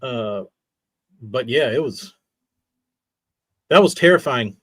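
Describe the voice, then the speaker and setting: A man's voice: mid-range voice, animated, takes it slowly, a bit bright, slightly rough. A man from Texas, a guest in a casual live chat, a bit hesitant.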